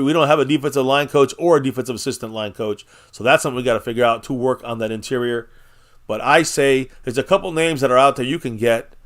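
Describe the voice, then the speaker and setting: A man hosting a casual live-stream chat, rambling and blunt, swearing freely and reading viewers' comments aloud. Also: medium pitch.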